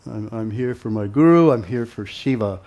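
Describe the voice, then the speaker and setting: Speaking to devotees at a medium pitch, the monastic teacher keeps things informal and conversational. He often pauses and brings quoted exchanges to life by acting them out.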